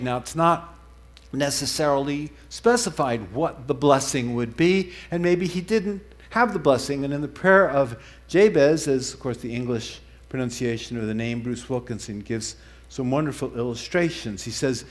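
A man with a mid-range voice preaches a conversational sermon at normal speed. He's animated and digressive, often correcting himself mid-sentence.

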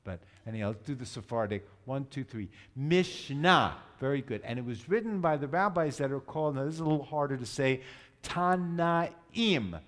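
A man's voice: medium pitch, lively intonation, quick pace, hardly any pauses. A man giving a Messianic teaching, explaining terms patiently and leading the group to repeat words. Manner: explanatory, leads group repetition, self-correcting. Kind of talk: teaching sermon.

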